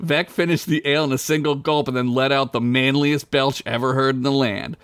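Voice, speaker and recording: A man's voice: a little high, fairly bright tone, no room sound. A man narrating a crude, comic fantasy game story as game master, often breaking into giggles. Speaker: game master and podcast co-host. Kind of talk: comedic tabletop narration.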